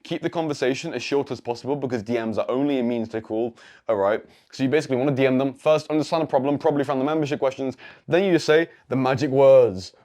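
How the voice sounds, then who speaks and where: A young English man in his teens, who creates online coaching content, walks viewers through a coaching tutorial on screen share, rambling, blunt, slangy and profane. The setting is an indoor room lit by a projector, and his mid-range voice is quick and a little mellow.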